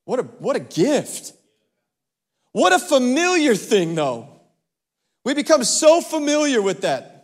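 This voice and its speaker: A man's voice: extremely high pitch, wildly swooping pitch, slow pace, pauses often. A male pastor preaching a sermon and calling on the congregation for responses, with emphatic repeats. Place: church sanctuary. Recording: long church hall reverb.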